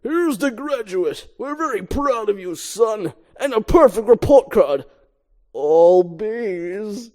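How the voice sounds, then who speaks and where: A reader voicing a proud middle-aged father bee, speaking slowly and fondly. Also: mid-range voice, animated, a little mellow.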